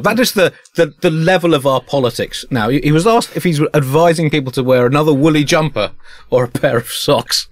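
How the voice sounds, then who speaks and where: A man's voice: a little high, expressive, fairly quick, no echo. A man hosting a satirical comedy podcast, wry and mock-pompous. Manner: wry, pun-heavy, mock-pompous delivery.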